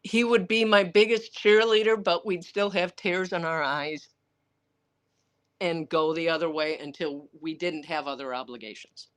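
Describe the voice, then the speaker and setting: A woman's voice: on the low side, fairly even intonation, measured pace. A woman author answering viewer questions on a livestream, telling candid, rambling stories in a blunt, salty way and acting out what other people said. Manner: blunt, salty, rambling anecdotes with occasional swearing; acts out other people's words in quoted voices.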